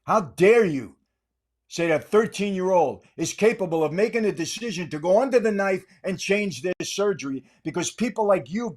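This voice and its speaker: An older American man hosting a podcast, delivering an angry, insulting political rant and repeating himself for emphasis. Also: high voice. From United States. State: aggravated. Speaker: podcast host.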